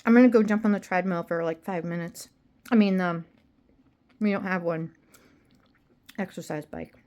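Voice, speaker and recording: A woman's voice: on the low side, normal speed, warm tone, lo-fi sound. A woman records a casual video diary at home and addresses her viewers directly. She rambles and pokes fun at herself, and she sounds tired. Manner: rambling, self-deprecating, chatty with viewers. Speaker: vlogger.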